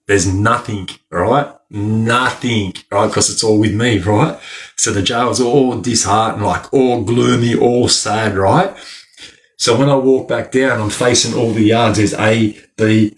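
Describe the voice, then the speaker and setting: Laughing, slangy man telling a story. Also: on the low side. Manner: animated, laughs often, tags lines with 'right?'; swears freely, slangy. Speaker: podcast guest. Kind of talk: casual storytelling.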